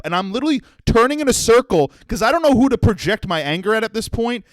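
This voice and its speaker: A young man hosting a comedy podcast, telling a profane, animated story and acting out the people in it. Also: sits high, fast, few pauses, no room sound. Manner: profane, animated, acts out voices in his story.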